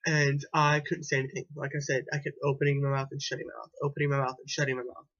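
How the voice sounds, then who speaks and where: A man's voice: medium pitch, little pitch movement, fast, fairly bright tone, lo-fi sound. A young man telling a personal story to camera in a rambling, hesitant way, often restarting and repeating himself. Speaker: vlogger.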